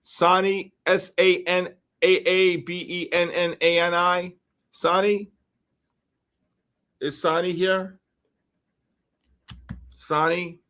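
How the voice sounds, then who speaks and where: A man hosting a livestream, reading out numbers and usernames for a giveaway and getting excited about each winner. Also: sits high, takes it slowly, long pauses, clear, resonant tone. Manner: excitable, shouts when names are drawn. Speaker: livestream host. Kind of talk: live-stream giveaway draw.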